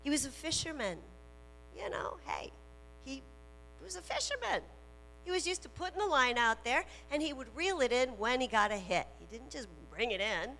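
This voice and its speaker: A woman minister preaching a sermon in a slow, emphatic way, repeating her key phrases. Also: high-pitched, expressive, gravelly, sharp tone. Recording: reverberant hall with faint music and hum.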